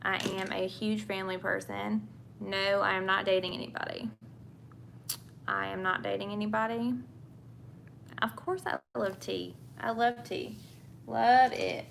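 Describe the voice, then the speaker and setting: A woman's voice: medium pitch, fairly even intonation, measured pace, vocal fry, long pauses, fairly bright tone, slight background noise. A young woman with a Southern US accent, from England, chatting casually with viewers about work as a nurse while doing her makeup. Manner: chatty, answers viewer questions, many fillers and restarts. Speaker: nurse and vlogger.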